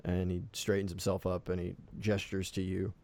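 Laid-back male game master, low voice. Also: completely flat delivery, moderate pace, darkish tone, dry recording. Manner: casual, filler-heavy narration. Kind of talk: narrating a tabletop game.

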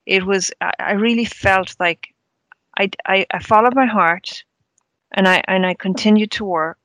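A woman's voice: mid-range voice, normal speed, fairly bright tone, no room sound, poor audio. A woman in her fifties, a podcast guest, telling a candid personal story in an earnest way and repeating words when moved.

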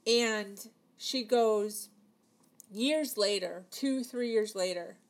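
A woman's voice: medium pitch, slow pace. A woman in her thirties, telling a personal story to her viewers in a chatty way, with many fillers, acting out the dialogue. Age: 30s. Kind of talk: casual storytelling to camera.

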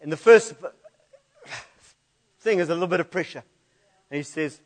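A man's voice: on the high side, normal speed. A man preaching a sermon in a church, reading scripture aloud and laughing at his own slip-ups.

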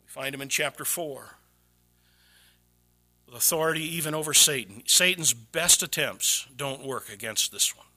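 A man pastor preaching a sermon in a church, dramatically shifting between hushed, low-spoken asides and loud, raised exclamations. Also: normal speed.

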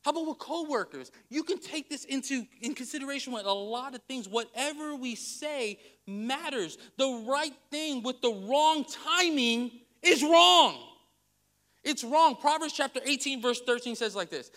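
Bright high-voiced male pastor preaching. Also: normal speed. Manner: candid, self-deprecating, laughs at himself; storytelling with animated vocal swings. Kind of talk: sermon.

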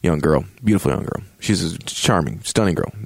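A man's voice: lively intonation, brisk, vocal fry, darkish tone, slightly rough, no room sound. A man hosting a show, giving a casual, profane, joking review of a video game. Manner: profane, joking, acts out reactions in a high yelp.

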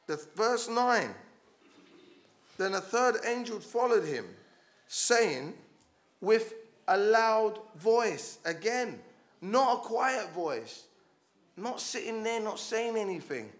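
A man preaching a sermon, passionate and urging, who often restarts his words and swells to loud calls to his congregation. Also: high-pitched, very animated, slow pace, long pauses. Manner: passionate, rising to loud exhortation with frequent restarts.

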